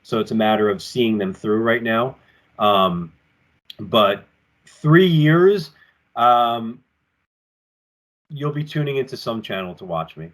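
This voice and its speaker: Male wrestler guest, mid-range voice, animated rambling storyteller, remote call from home. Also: mid-range voice, takes it slowly, pauses often. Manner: rambling and animated, acting out quotes. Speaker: professional wrestler, podcast guest. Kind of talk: casual storytelling in an interview. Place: home apartment with collectibles shelves.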